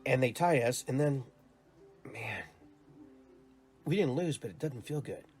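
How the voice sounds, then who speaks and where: A man's voice: medium pitch, animated, a little slow, a little mellow, soft background music. A man hosting his own show, talking in an earnest, rambling monologue with many repeated words. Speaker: podcast host and youth soccer coach. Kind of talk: casual reflective monologue.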